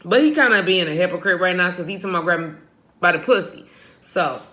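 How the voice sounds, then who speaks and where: Woman vlogger, loose profane news commentary, bright edgy voice, echoey room. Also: lowish voice, lively intonation, fast talker. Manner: profane, laughing, sings a chant. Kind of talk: casual commentary.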